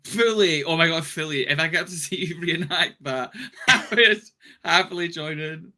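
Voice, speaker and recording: An excitable man on a podcast who swears freely and laughs loudly as he chats. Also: a little high, normal speed. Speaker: podcast co-host. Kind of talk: casual chat.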